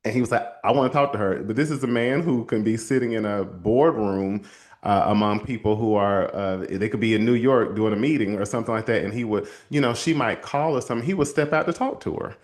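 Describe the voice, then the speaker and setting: A man hosting a show and telling a story from his counseling work in a lively, casual way, calling his listeners y'all. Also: lowish voice, fairly quick. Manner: animated, addresses listeners as y'all, acts out quotes. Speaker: host and counselor.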